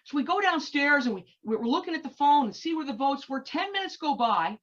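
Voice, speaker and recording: Middle-aged woman guest retelling events with animated, stumbling drive; fairly high voice, muffled recording. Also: a little fast. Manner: animated, many repeated restarts. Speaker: activist guest. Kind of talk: storytelling interview. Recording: dull lo-fi recording.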